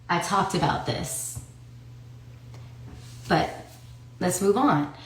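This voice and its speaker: A woman's voice: lowish voice, a bit bright. A woman in her thirties telling her own story in a heated, profane monologue full of rhetorical questions. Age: 30s. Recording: roomy echo.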